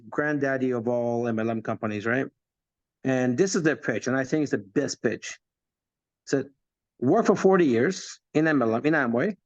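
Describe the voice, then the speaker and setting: A man in his fifties giving an animated motivational talk as a network marketing coach, acting out quoted voices. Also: medium pitch, no room sound. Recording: dull, dry lo-fi sound.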